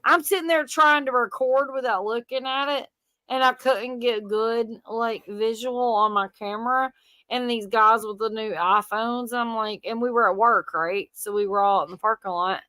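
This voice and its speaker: A woman hosting a casual stream, telling stories loudly and teasing, laughing often. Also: on the high side, fairly even intonation, normal speed, dry recording. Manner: loud, laughing, teasing storyteller. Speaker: host. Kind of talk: casual live-stream chat.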